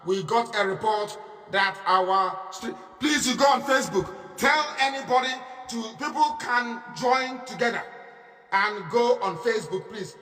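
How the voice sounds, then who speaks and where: A man's voice: high voice, pushed and bright. A man with a Nigerian accent giving a live radio broadcast, emphatic and mocking, repeating his phrases for force. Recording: echoey distant room with faint music.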